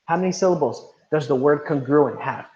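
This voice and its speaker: A man's voice: on the high side, brisk, darkish tone, muffled recording. A male teacher leading an online class, reading instructions and calling on students by name. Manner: encouraging, calls on students by name. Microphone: video call.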